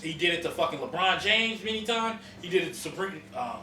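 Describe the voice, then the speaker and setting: A man's voice: high voice, lively intonation, fast, roomy sound, recorded from a distance, noisy background. A man hosting a podcast, ranting in heated casual chat, profane and emphatic. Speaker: podcast host.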